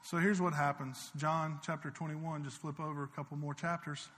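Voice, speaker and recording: A man preaching a sermon as pastor. He rises to loud, urgent swells and drops to quiet, intimate passages. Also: a little high, little pitch movement, moderate pace. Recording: long hall reverb.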